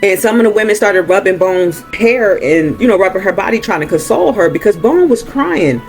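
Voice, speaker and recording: A man's voice: sits high, expressive, a little fast, faint music behind. A man hosting a movie recap, retelling the story in a casual, chatty way with laughs.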